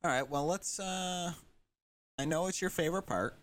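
A man's voice: high-pitched, moderate pace, a bit bright, no echo. A man co-hosting a casual podcast, easygoing and steering the conversation. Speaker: podcast co-host.

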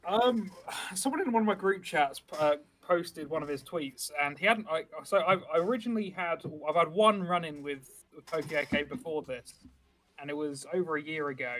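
Rambling man, slightly high voice. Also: moderate pace, fairly bright tone. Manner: rambling, self-mocking, full of restarts. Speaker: podcast guest. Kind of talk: casual storytelling chat.

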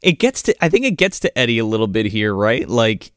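A man's voice: lowish voice, sing-song, a little fast, fairly bright tone, clean tone, dry recording, clean studio sound. A man co-hosting a film podcast, retelling scenes in a rambling, profane, casual way with lots of fillers.

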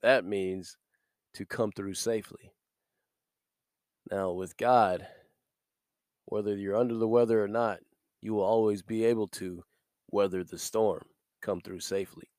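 A man's voice: on the low side, steady tone, a little slow, pauses often, darkish tone, no room sound, studio quality. A man hosting a short devotional podcast, talking upbeat and preachy while getting over a cold. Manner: upbeat and preachy, laughs between points. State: recovering from a cold. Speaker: podcast host.

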